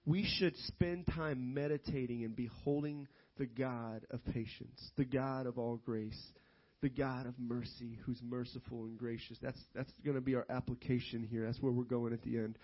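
A middle-aged man preaching a sermon as pastor, animated and building to loud, emphatic stretches. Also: medium pitch, normal speed, lo-fi sound.

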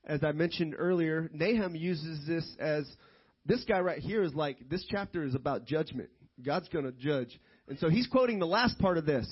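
A middle-aged man preaching a sermon as pastor, animated and building to loud, emphatic stretches. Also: fairly high pitch, normal speed, slightly rough, muffled recording.

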